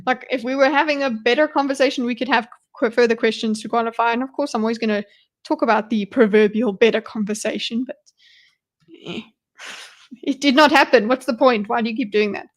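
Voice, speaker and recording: A woman's voice: fairly high pitch, steady tone, a little fast. A woman streamer giving casual live commentary on a debate, thinking aloud with frequent restarts.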